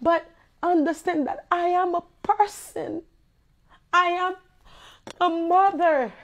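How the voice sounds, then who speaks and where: Distraught high-voiced Haitian woman pleading. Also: fairly even intonation, slow pace, long pauses, a bit bright, dull audio. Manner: pleading, impassioned, repeating herself. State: distraught, near tears. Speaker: singer. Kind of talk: emotional personal monologue.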